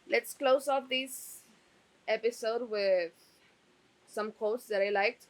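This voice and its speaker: A woman's voice: fairly high pitch, moderate pace, low-quality recording. A woman giving a casual spoken review of a TV series, chatty and full of fillers, with the odd swear word.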